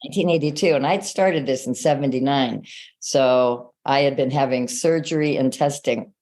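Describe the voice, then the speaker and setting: An older woman speaks in a low voice as the guest in an interview. She tells her own story with energy and acts out other people's lines as she goes. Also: moderate pace, darkish tone. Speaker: guest author.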